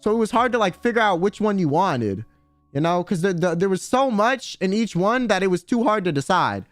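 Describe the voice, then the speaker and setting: A man's voice: high-pitched, big pitch swings, fairly quick, a bit bright, no echo, clean studio sound, soft background music. A man streaming, telling a story in a rambling, slangy way and swearing freely. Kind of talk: casual chat storytelling.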